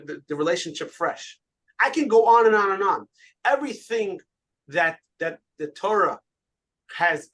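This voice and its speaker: Male rabbi, slightly high voice, lively spoken sermon, repeats words as he thinks. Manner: animated storytelling with frequent repeated words.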